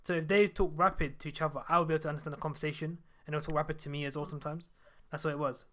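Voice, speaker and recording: Fast-talking man hosting a casual podcast. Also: fairly high pitch, fairly even intonation, a bit bright. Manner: rapid, slangy, self-interrupting. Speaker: podcast host. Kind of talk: casual chat.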